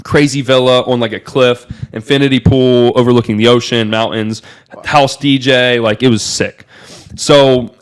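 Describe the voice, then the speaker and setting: Excitable young man rambling through a story. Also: mid-range voice, moderate pace, clear, resonant tone. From Miami, USA. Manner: excitable and rambling, heavy use of filler "like". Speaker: podcast guest telling a story. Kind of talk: casual storytelling.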